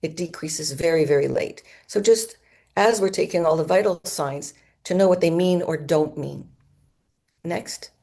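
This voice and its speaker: A woman speaking at a medical conference, her voice low and mellow with a gravelly edge. She explains step by step in a steady lecturing manner and sometimes demonstrates symptoms with her own voice. She speaks into a microphone in an auditorium. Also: measured pace.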